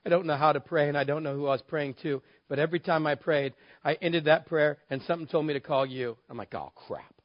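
A man's voice: fairly high pitch, steady tone, fast talker, hardly any pauses. A man preaching a sermon as a pastor, telling a story in a candid, conversational way with wry humor. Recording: dull, lo-fi dry sound.

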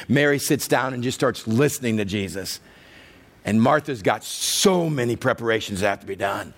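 A man preaching a sermon as pastor, telling stories with animated voices for the people in them. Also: fairly high pitch, creaky. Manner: animated storytelling, acts out voices, rising to near-shouts.

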